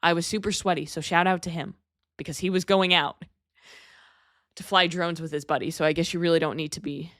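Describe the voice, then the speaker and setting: Candid woman podcaster, low and dry. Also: steady tone, a little fast, fairly bright tone, dry recording. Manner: candid, earnest, swears casually. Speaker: podcast host. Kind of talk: motivational monologue.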